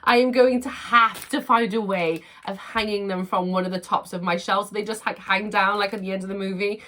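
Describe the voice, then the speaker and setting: A young woman with a gushing, excitable manner, chatting casually as she unboxes items at home. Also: medium pitch, brisk. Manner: gushing, excitable, laughs often. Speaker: unboxing vlogger.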